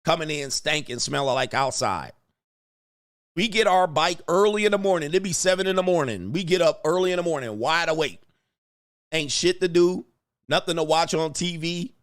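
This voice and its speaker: A man's voice: on the high side, expressive, normal speed, fairly bright tone. A man hosting crude casual commentary, laughing and swearing as he tells stories. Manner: profane, laughing, storytelling. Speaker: livestream commentary host.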